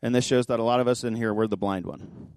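A man pastor giving a sermon in a church, telling a story conversationally with quick asides. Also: medium pitch, steady tone, no room sound. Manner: impassioned, rising to near-shouting pleas. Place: church sanctuary.

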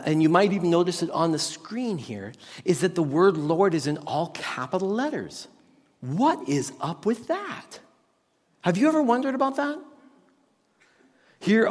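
A man preaching a sermon as pastor, teaching on Hebrew words with lively rhetorical questions. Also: sits high, long reverb tail. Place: church sanctuary with tech team.

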